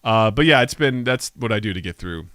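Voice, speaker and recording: Bright-voiced male podcast co-host. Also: fairly low pitch, lively intonation, a little fast, no room sound, clean studio sound. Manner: jokey, slips into mock voices and accents. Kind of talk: casual chat.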